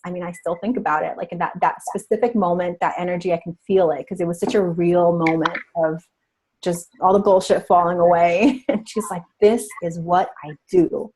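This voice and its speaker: A woman's voice: fairly low pitch, steady tone, fairly quick, a little mellow, a little hiss or hum, low-quality recording. A woman speaker trainer telling a story and teaching breath work in an earnest, casual way.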